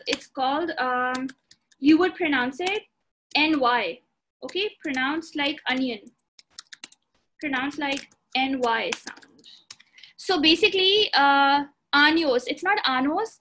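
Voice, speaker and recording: A woman's voice: high-pitched, unhurried, pushed and bright, slight background noise. A woman teaching a beginner language lesson, patient, repeating points and checking that students follow. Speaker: language instructor.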